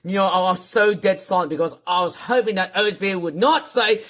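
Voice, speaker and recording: A YouTuber ranting and complaining in a vlog, throwing out insults, with a voice strained from yelling. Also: mid-range voice, a little fast, few pauses.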